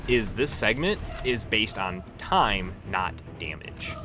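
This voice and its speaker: A man's voice: fairly low pitch, expressive, slow pace, noisy background. A man giving rambling, offhand gameplay commentary as a let's play host, swearing casually.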